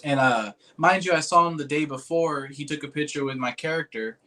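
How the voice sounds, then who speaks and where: A man's voice: on the high side, fairly quick, bright, forceful tone. A man telling a personal story in casual, rambling talk, full of "like" and "dude", swearing freely and turning earnest about moving moments. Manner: earnest and emotional when recalling a moving moment.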